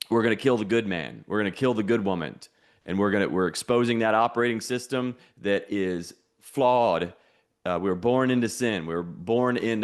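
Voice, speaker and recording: A man hosting an online challenge, teaching in a preachy, repetitive way with call-and-response lines. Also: fairly low pitch. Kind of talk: motivational teaching.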